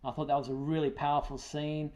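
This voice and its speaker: A man's voice: fairly high pitch, flat delivery, quick pace, darkish tone. A man with a New Zealand accent hosting a live fan chat show, talking casually with plenty of fillers and restarts. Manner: talkative, lots of fillers and restarts. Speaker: podcast host.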